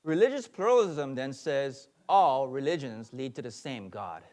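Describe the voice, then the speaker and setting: A man's voice: mid-range voice, expressive, normal speed, darkish tone. Pastor type, earnest lecturing delivery, mid-range male voice, some fillers. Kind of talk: teaching sermon.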